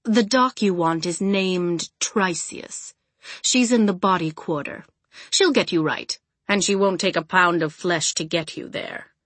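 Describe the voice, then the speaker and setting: A woman voicing a cheerful, knowing male tunnel keeper who speaks low and easygoing, quietly confiding, in a storybook reading. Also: measured pace, no room sound.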